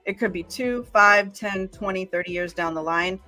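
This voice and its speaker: A woman's voice: medium pitch, moderate pace, sharp tone, soft background music. A woman co-hosting a casual college library live stream, playful and teasing. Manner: playful, laughs often, teasing.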